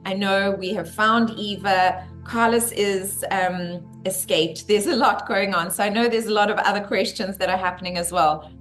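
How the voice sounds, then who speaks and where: A woman's voice: mid-range voice, fairly even intonation, moderate pace, few pauses, a bit bright, faint music behind. A woman hosting a spiritual live stream, effusive and greeting her viewers one by one by name.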